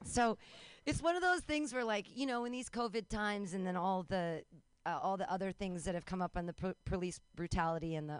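A young woman doing a rambling, self-mocking stand-up set at an outdoor show, breaking into high-pitched mock panic. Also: quick pace, clean tone, no echo. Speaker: stand-up comedian.

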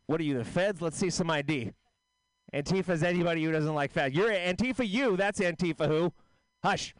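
A man's voice: a little high, clean tone, no echo, rough recording. A man doing stand-up at a radio open mic, loose, self-mocking and chatty with the crowd. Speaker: stand-up comedian.

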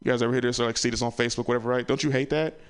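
A man's voice: mid-range voice, fairly even intonation, very fast, clean tone. A man doing a stand-up comedy set on a club stage, telling stories and asking the crowd "right?" as he goes. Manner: storytelling with lots of "right?" asides; acts out family members loudly.

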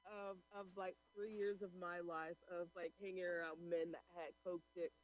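A woman co-hosting a casual talk show, speaking emphatically with halting restarts. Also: fairly low pitch, level tone, poor audio. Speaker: podcast co-host. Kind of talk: casual chat.

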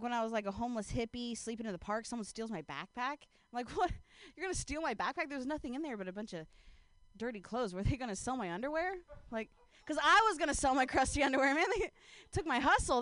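A woman's voice: high-pitched, a bit bright, dry recording. A woman telling a rambling stand-up story, laughing often and filling her talk with "like". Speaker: stand-up comedian.

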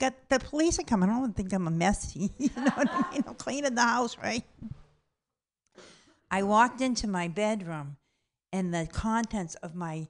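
A woman's voice: mid-range voice, fairly bright tone. A woman telling a comic personal story aloud, blunt and profane, acting out the other people's voices as she goes.

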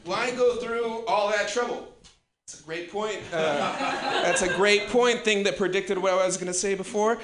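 A man's voice: high-pitched, normal speed, noisy background. A man in his late twenties delivering a rambling, profane stand-up comedy monologue and laughing at his own jokes. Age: 20s.

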